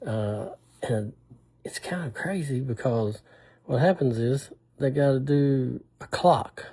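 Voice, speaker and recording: A man's voice: mid-range voice, slow pace, warm tone, breathy edge. An older man telling rambling, self-deprecating stories in a casual, folksy way. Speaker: humor vlogger. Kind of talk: casual storytelling monologue.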